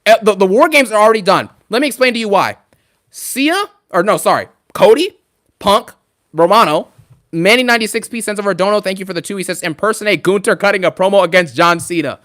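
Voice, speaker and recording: A man with a fairly high voice, ranting live to his chat. He is blunt and exasperated and hammers the same point again and again. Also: lively intonation, a little fast, a bit bright. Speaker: live streamer reviewing wrestling. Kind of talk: live rant.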